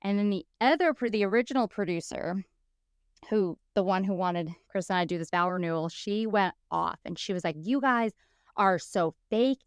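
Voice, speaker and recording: Female podcast co-host, smooth clear voice, dry close sound, lively storyteller. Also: mid-range voice, brisk, no room sound. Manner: animated, acts out quoted people. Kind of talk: casual storytelling chat.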